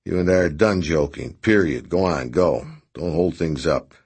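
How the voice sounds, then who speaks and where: A man voicing a brash, rough-talking man who speaks bluntly and loudly. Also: a bass voice, moderate pace, heavily acted. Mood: brusque. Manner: loud, brusque, boisterous.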